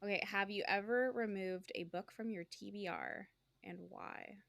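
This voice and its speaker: A woman's voice: mid-range voice, moderate pace, gravelly, fairly bright tone, no room sound. A woman co-hosting a book podcast, chatting casually and asking follow-up questions. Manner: upbeat, asks follow-up questions. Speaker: podcast co-host. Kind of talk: casual chat.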